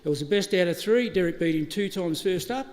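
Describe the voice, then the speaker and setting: A middle-aged Australian man delivers a chatty, storytelling eulogy at a funeral service, with laughs and restarts along the way. His high voice is expressive, a little fast and darkish in tone, heard on a live stream with hall reverb.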